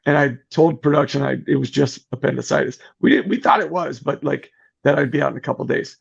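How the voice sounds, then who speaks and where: A middle-aged man with a deeply gravelly, husky voice tells a story in a casual podcast chat, lively and acting out what others said. The audio is muffled and lo-fi. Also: quick pace. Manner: animated, acts out quoted voices. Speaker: podcast guest.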